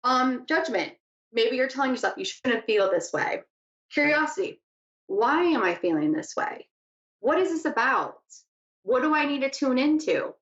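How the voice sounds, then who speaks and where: A woman's voice: sits high, sing-song, normal speed, a bit bright. Chatty woman hosting a spiritual talk show. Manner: chatty, laughs easily, wanders off topic. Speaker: psychic radio host. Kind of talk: casual spiritual teaching talk. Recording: echoey lo-fi room sound.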